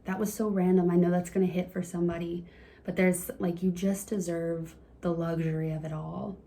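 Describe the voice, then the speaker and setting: Woman, tarot reader, casual card reading, encouraging, chatty, lowish voice. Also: level tone, moderate pace, vocal fry, warm tone. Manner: chatty and encouraging, laughs often, addresses viewers as y'all.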